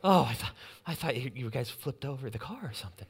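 A young man preaching a sermon, swinging between loud urgency and quiet emphasis and acting out anxious inner voices with humor. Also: mid-range voice, animated, quick pace, breathy edge. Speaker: pastor.

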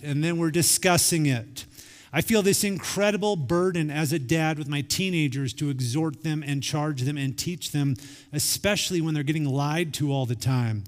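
A man in his forties delivering a sermon from the pulpit, with a voice that sits somewhat high for a man. He speaks conversationally and acts out bits of remembered family conversation. His words ring out with the long tail of a large church hall. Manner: conversational, acts out quoted dialogue. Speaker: pastor.

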